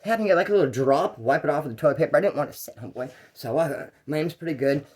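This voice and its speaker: A man's voice: a little high, animated, very fast, darkish tone, breathy edge. A man telling his own jail stories in a casual, rambling, slang-heavy way. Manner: rambling and slangy, with fillers and restarts. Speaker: storyteller. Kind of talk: casual first-person jail story.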